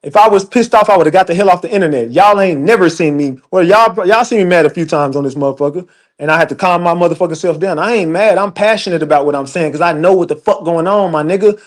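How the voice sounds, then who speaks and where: A high-pitched man, mid-rant on a livestream. He talks in a heated, profane, emphatic way and answers his chat directly. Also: quick pace. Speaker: livestream commentator.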